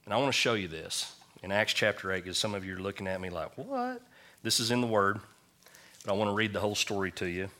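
A middle-aged man, a pastor, preaching a sermon at a church service and telling stories with lively acted-out quotes. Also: lowish voice, fast talker. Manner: animated storytelling with acted quotes.

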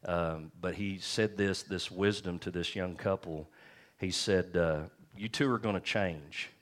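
A man who is a pastor, preaching an earnest, conversational sermon full of personal stories. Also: low voice.

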